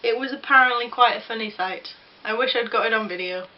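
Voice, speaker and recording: A young Englishwoman telling a story to her camera, chatty and self-mocking, tripping over her words now and then. Her voice sits a little high for a woman. The recording is dull and lo-fi. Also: fast. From England. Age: young adult. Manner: chatty, self-deprecating, with frequent restarts. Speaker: vlogger. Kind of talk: casual vlog storytelling.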